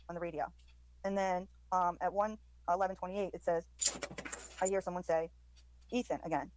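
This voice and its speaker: A woman's voice: on the low side, steady tone, moderate pace, dry recording, rough recording. A woman on a live stream describing sounds she hears in a recording, hesitant and full of ums. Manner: hesitant, many ums, quoting overheard lines. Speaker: commentator describing audio.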